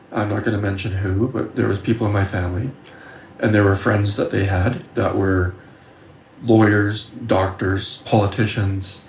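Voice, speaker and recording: A man's voice: fairly low pitch, lo-fi sound. A man from the Windsor and Detroit area telling personal stories in an earnest, intense monologue. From Windsor, Ontario and Detroit area. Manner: earnest, intense, storytelling with filler pauses. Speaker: video creator talking about his spiritual experiences. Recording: echoey room with faint background noise.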